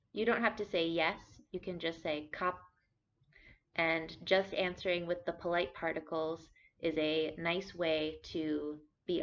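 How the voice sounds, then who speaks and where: Woman, low-voiced teacher, slow deliberate delivery, repeats words, dull lo-fi recording. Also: a bit bright. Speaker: language teacher. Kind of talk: vocabulary lesson. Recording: dull lo-fi sound.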